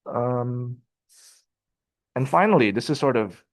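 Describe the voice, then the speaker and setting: A man's voice: mid-range voice, lively intonation, slow, poor audio. A young man giving a seminar lecture, reading passages aloud and explaining them in a loose, conversational way with frequent rhetorical questions.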